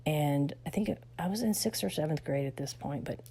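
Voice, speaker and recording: A woman from Texas tells her life story in a chatty, animated way, laughing along the way. Her voice sits low and mellow, with a warm, relaxed tone. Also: moderate pace, breathy edge. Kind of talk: casual storytelling vlog.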